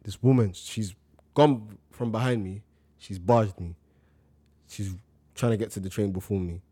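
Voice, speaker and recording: A man's voice: lowish voice, measured pace, dark tone, slightly rough, no room sound. A young man, telling stories in casual chat as a podcast co-host, building rhythm by repeating words.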